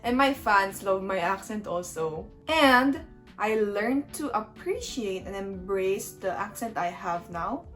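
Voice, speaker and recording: Young korean woman w/ filipino accent, chatty vlog talk, blunt punchlines, middle pitch. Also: lively intonation, slow pace, a bit bright, soft background music. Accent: Filipino English. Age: young adult. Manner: frank and upbeat, with blunt punchlines. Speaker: vlogger. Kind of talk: candid talk to camera.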